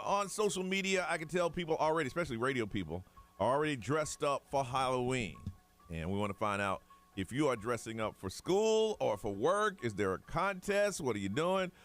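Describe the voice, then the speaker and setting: A man's voice: medium pitch, fairly bright tone. A man hosting a morning radio show, joking and laughing often as he tells stories in casual banter. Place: radio studio.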